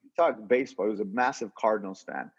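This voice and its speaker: Husky-voiced man telling a rambling story. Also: lowish voice, fast talker, long reverb tail. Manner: animated, rambling, lots of restarts and slang. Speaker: interview guest, entrepreneur. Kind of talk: casual storytelling. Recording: dull lo-fi audio.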